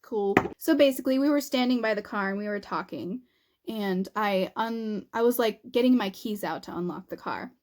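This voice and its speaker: Doing her makeup on camera, a young woman vlogger tells a funny story at a moderate pace and medium pitch. She's lively and laughs a lot, performing people's lines as she quotes them.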